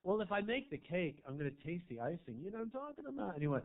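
A male stand-up comedian works a small club crowd with brash, campy banter, jumping between loud outbursts and quiet asides. His voice sits a little high for a man. The recording is thin and narrow, as if heard over a phone line. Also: sing-song, rapid-fire. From American South. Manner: brash, campy crowd work with big swings in loudness. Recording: tinny phone-like audio.

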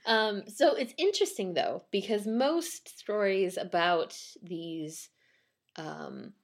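A woman co-hosting a casual podcast, reading a folk tale aloud and chatting in a giggly, animated way with many "um"s and "like"s. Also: mid-range voice, slow pace. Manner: giggly, animated reader with fillers like "um" and "like". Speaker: podcast co-host.

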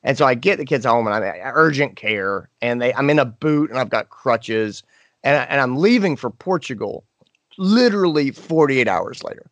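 A middle-aged man, co-host of a podcast, telling a story in casual chat and acting out quotes in high voices. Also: animated, moderate pace, a bit bright, dry recording, dull audio.

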